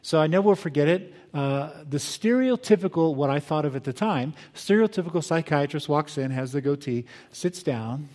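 An older male pastor delivers a heartfelt sermon, his voice sitting a touch higher than most men's. He shifts from hushed reflection to emphatic bursts. The sanctuary's long reverb trails after each phrase. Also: expressive. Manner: earnest, reflective, shifting between quiet pauses and emphatic bursts. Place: church sanctuary.

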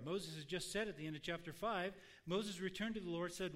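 A pastor preaching a sermon in a relaxed, conversational teaching manner. His voice sits a little higher than most men's, and he slips into character voices when quoting scripture. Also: fast talker, hardly any pauses. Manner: conversational teaching, acting out quotes.

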